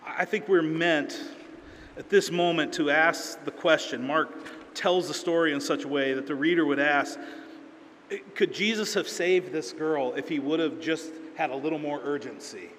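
A man delivers a sermon in a casual, story-driven way, slipping into quoted voices as he goes. His voice sits slightly high for a man. It is recorded in a reverberant hall with a faint murmur of room ambience behind it. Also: normal speed, a bit bright, slight background noise. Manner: conversational storytelling with acted-out quotes. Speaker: pastor.

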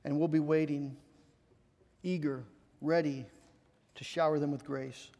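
A male pastor preaching a sermon, swinging between loud emphatic stretches and soft confiding asides, often repeating words as he restarts. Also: fairly high pitch, fairly even intonation, unhurried. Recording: long hall reverb.

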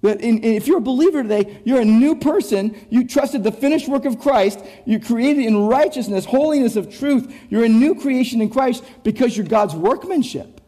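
A man's voice: very high voice, animated, normal speed, few pauses, dark tone. A man preaching an expository sermon, emphatic and repetitive, often restarting words and speaking straight to his listeners. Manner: emphatic, repetitive phrasing with frequent word restarts; rhetorical, addresses listeners directly. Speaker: pastor.

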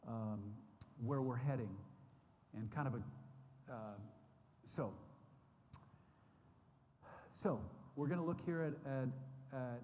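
Speaking slowly with frequent pauses, this Sunday school teacher has a medium-pitched, darkish voice. His Bible study lesson is earnest and repetitive, full of fillers and restarted sentences, in a roomy hall with faint background noise.

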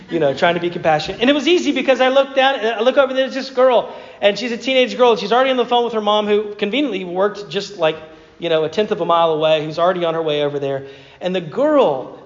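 A man's voice: sits high, animated, fairly quick. A man preaching a sermon as a pastor, telling stories in a conversational way with repeated words. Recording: muffled sound with long hall reverb.

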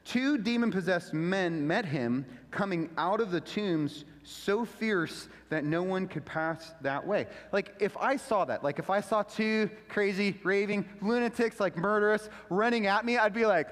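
Male pastor, high-pitched, casual slangy preacher with lots of energy, long reverb. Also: a little slow. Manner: casual, animated, slangy delivery. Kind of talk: sermon.

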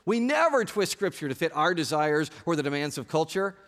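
A man's voice: mid-range voice, lively intonation, takes it slowly, creaky. A man preaching a sermon puts on an exaggerated mock French accent to voice a smug, self-righteous churchgoer. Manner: exaggerated, teasing mockery.

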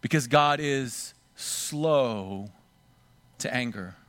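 A man's voice: medium pitch, very slow, fairly bright tone, clear, resonant tone, dry recording. A man preaching a sermon, acting out the scripture voices dramatically. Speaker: pastor.

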